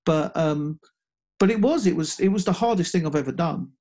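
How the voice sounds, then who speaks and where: A man telling a personal story in casual conversation, halting with frequent restarts and fillers. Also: on the high side, animated, a little mellow. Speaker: guest speaker.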